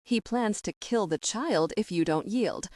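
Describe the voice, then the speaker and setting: A woman voicing an anxious, impatient serving woman who speaks in an urgent, hushed way in an audiobook. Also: medium pitch, expressive, unhurried, no echo, clean studio sound, lightly acted.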